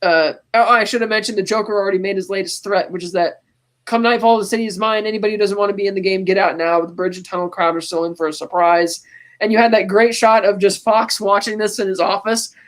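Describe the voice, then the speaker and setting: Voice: medium pitch, fast talker. A podcast co-host casually recapping a movie scene by scene, quoting its lines along the way and laughing often. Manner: animated retelling, quoting movie lines in passing.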